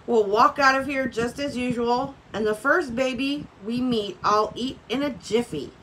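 A woman reading aloud and voicing a hungry old male tiger who is gruff but soft-hearted, in a lower, slower growl. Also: a little hiss or hum, rough recording. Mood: menacing.

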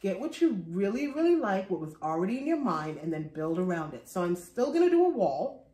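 A woman's voice: mid-range voice, sing-song, fairly quick, mellow. A woman in her thirties chatting casually to camera about her thrift finds, rambling and laughing often. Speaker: vlogger showing a thrift haul. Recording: echoey room.

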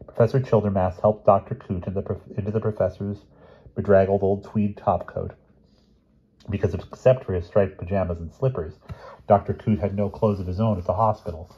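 A man reading a novel aloud as an audiobook narrator, steady, with small slips and restarts. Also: low voice, brisk, breathy edge, lo-fi sound. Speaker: audiobook reader.

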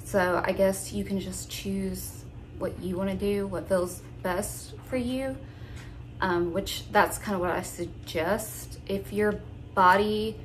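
A woman's voice: mid-range voice, a little hiss or hum. A woman chatting casually in a home vlog, a little out of breath after exercising. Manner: chatty and informal, with fillers. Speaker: fitness vlogger.

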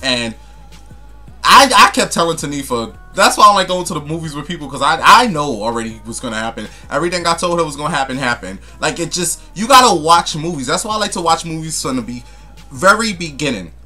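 Young man, vlogger: sassy, flamboyant, dramatic, bright forceful tone, slightly high. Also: animated, fast talker, soft background music. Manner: sassy and flamboyant, calls viewers honey and darling; dramatic and gossipy, with chatty rambling asides. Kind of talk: casual chat to camera.

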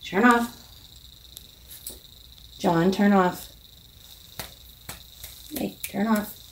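A woman's voice: mid-range voice, very slow, a little hiss or hum. Woman coaxing a spirit in a basement. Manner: coaxing, repeated commands. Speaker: paranormal investigator. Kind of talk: calling out to a spirit during a ghost hunt. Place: old basement, indoors. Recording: echoey basement, mic at a distance.

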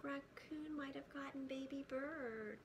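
A woman's voice: high voice, measured pace, noisy background, pitched above the performer's own voice. A woman voicing a kind, helpful little boy frog in a storybook reading, cheerful and encouraging.

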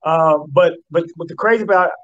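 A man telling stories on a talk show in a relaxed, rambling way. His voice sits a little high for a man. The sound is dry and slightly dull. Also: brisk, dry recording. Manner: laid-back storyteller who slips into mock voices. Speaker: guest comedian. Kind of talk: casual storytelling on a radio talk show.

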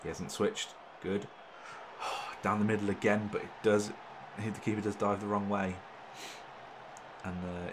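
A young man talks through his football management game in casual commentary. His voice sits low and he gets loud and excitable at big moments. A faint background hiss sits under the recording. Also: normal speed. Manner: excitable, swearing mildly in exclamations. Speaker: gaming channel host. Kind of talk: gameplay commentary.

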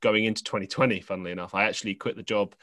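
An English podcast host with a lower-pitched voice tells stories in a loose, meandering, chatty way, full of fillers and restarts. His tone is steady but bright and forceful, and he talks at a racing pace. He's recorded close and dry on a podcast microphone with no room sound.

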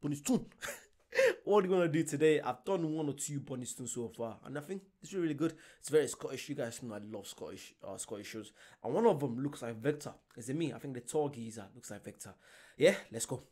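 Male reaction host, casual, animated delivery. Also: medium pitch, fairly quick. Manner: chatty, excitable.

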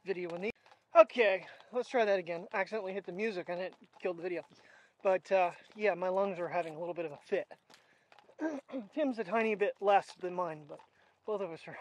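A man chatting casually through a daily vlog outdoors, laughing often and talking to his dogs on a clip-on mic. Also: high-pitched. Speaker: vlogger. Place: outdoors with dogs in cold air. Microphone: wireless clip-on mic.

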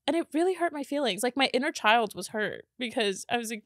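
A young woman hosting a candid solo podcast, telling stories in a chatty, giggly, animated way. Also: high voice, fast talker, few pauses, no room sound, studio quality. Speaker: podcast host.

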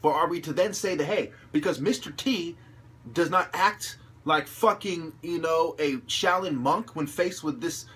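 Husky man in a profane rant. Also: a little high, unhurried. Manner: profane, aggressive ranting, rising to shouts. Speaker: channel host. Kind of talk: angry monologue to camera.

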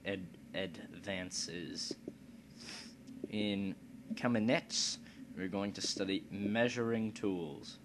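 A man's voice: deep voice, extremely slow. A man giving casual commentary over a strategy game, talking to himself with crude, profane jokes and asides. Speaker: let's play commentator. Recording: steady background noise.

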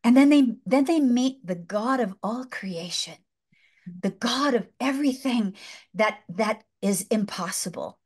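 A woman author, guesting on a faith-based podcast interview, speaks with impassioned, preacher-like delivery, often repeating and restarting phrases as she builds her point, and comes near tears at moments. Her fairly high voice is animated, a little mellow, and slightly rough, at a measured pace.

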